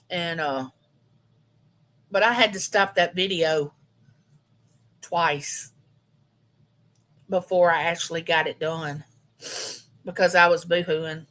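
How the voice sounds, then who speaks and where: A woman's voice: on the low side, pushed and bright. A woman, chatting homily and directly with viewers on a casual live stream. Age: 50s. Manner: chatty, homey, talks straight to her viewers.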